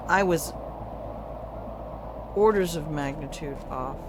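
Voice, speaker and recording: Slow, low-voiced older woman streaming games. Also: noisy background. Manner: chatty, talks to the game, swears casually. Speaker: game streamer. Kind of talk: casual live-stream gameplay commentary.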